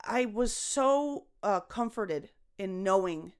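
A young adult woman, a comedian, talking casually on a podcast in a rambling, expressive way, swearing and laughing often. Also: medium pitch, slow, smooth. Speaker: guest comedian.

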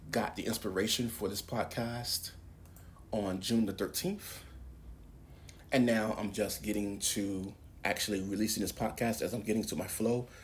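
A man's voice: lowish voice, slight background noise. A man hosting a preaching podcast, speaking in an emphatic, preacherly way and pushing his voice up on key words. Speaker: podcast host.

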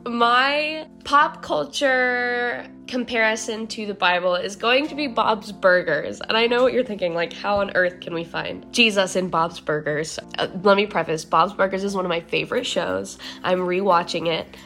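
A woman's voice: mid-range voice, moderate pace, few pauses, fairly bright tone. An upbeat young woman talks through a daily devotional in a loose, chatty way, often saying "like." Her voice sits in the middle range. Faint music plays behind her. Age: young adult. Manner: chatty, upbeat, uses "like" a lot. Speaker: podcast devotional host. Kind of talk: casual devotional talk.

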